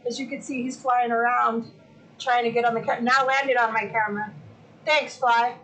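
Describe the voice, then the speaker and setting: High, bright-voiced woman streamer. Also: normal speed, poor audio. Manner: swears freely, chatty and excitable. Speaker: livestream host. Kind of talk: casual livestream chat. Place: at home.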